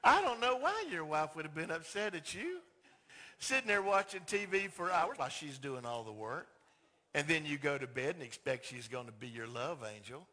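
A man's voice: fairly high pitch, lively intonation, normal speed, pushed and bright. A man preaching a sermon, emphatic and direct, who acts out little dialogues to make his points. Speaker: pastor.

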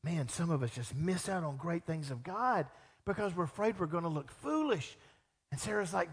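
A middle-aged man preaching a sermon as pastor, animated and acting out the voices of people he quotes. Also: on the high side, moderate pace, slightly rough. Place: church sanctuary. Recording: long church reverb.

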